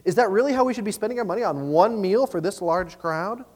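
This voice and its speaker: A man's voice: sits high, lively intonation, fast, a little mellow, voice pushed up. A man preaching, voicing worried disciples as anxious, pleading men who question their teacher. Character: worried, reasonable male disciples, adult men. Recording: long reverb of a large hall.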